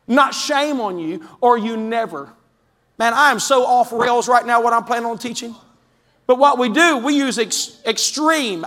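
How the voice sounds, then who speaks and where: A man preaching a lively, conversational sermon as pastor, breaking into sudden shouts. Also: extremely high pitch, fairly quick, in a large hall. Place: church sanctuary.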